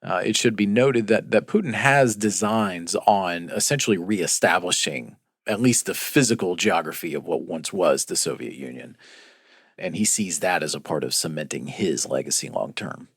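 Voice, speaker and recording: A man co-hosting a news podcast, walking listeners through stories in an unhurried, explanatory way, often pausing on "uh." His voice sits a little low. The sound is dry and close to the mic. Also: a bit bright, breathy edge, no echo. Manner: measured, explanatory, frequent "uh" fillers. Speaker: podcast co-host. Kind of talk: casual news discussion.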